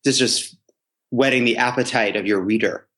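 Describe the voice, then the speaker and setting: A man's voice: medium pitch, steady tone, normal speed, a bit bright. A man listening to a script reading, interrupting with mock-polite questions and notes in a comedy bit. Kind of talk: comedic banter.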